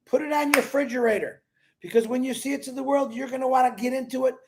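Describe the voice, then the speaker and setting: A man hosting a casual live stream, giving an excitable, rambling motivational pitch that bursts into shouts, and greeting his viewers by name. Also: quick pace, a little hiss or hum. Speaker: livestream host greeting viewers.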